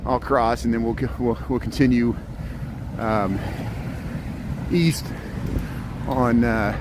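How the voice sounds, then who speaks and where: A man's voice: mid-range voice, steady tone, takes it slowly. A man narrating a live stream as he bikes through city streets, chatting and thanking viewers with nervous asides. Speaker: vlogger biking through the city. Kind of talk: live-streamed casual narration while riding. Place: outdoors on city streets, on a bike. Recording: wind and traffic noise on a street mic. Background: wind, traffic and city noise.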